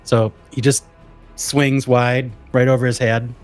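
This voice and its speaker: A man's voice: mid-range voice, level tone, a little slow, soft background music. A man playing a tabletop role-playing game, cheerfully describing his character's actions. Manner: upbeat, laughing, describing actions. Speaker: player.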